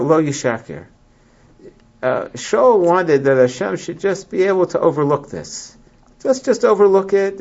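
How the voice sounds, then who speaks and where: Halting man teaching a Bible class. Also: on the high side, darkish tone. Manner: halting, many restarts, reads Hebrew verses then translates. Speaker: Torah teacher. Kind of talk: Bible class, reading and explaining verses. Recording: lo-fi, muffled recording.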